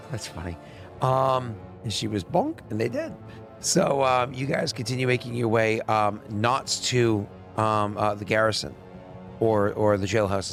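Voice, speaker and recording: Low male game master, rambling narration, faint music underneath. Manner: rambling, many fillers.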